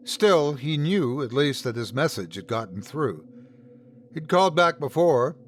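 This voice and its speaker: A man narrating a first-person horror story in an expressive, dramatic storytelling manner. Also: mid-range voice, unhurried, slight background noise.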